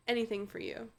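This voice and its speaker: A woman's voice: fairly high pitch, a little hiss or hum. A woman streamer playing a game, chatting casually and reading dialogue aloud in a playful, giggly, joking way.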